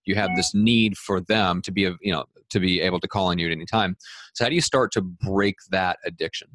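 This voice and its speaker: Low-voiced man posing a question. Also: brisk, fairly bright tone, no room sound. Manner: conversational, framing questions with fillers. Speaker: podcast host. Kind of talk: podcast interview.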